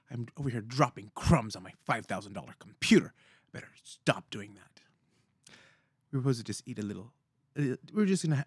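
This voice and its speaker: A man's voice: mid-range voice, no room sound. A man rambles playfully to his viewers and tells his story with theatrical flair. His voice sits in a middle range and is recorded close and dry, with no room sound. He mocks himself as he chats on. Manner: chatty, rambling, self-mocking. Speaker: food vlogger. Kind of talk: casual chat to camera.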